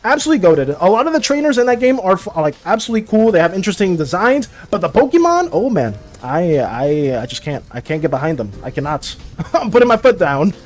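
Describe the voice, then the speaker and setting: Excitable young man chatting on a stream. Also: high voice, quick pace. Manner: excitable, animated, laughs often, gets heated then apologetic. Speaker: art streamer. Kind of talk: casual livestream chat with viewers.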